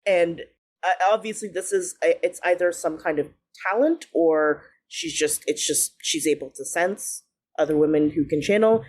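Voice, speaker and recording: A woman with a fairly low voice chats casually on a podcast. She sounds enthusiastic and laughs often between her points. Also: moderate pace, darkish tone. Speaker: podcast co-host. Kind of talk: casual chat.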